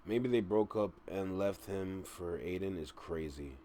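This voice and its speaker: A man hosting a casual livestream reaction, fast-talking and joking, who calls himself a motor mouth. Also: deep voice, over music. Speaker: reaction streamer host.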